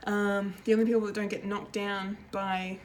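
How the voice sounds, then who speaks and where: A woman reviewing a TV episode in a casual, rambling way, excitable and full of fillers and restarts. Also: medium pitch, normal speed, slight background noise. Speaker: pop culture reviewer, show regular.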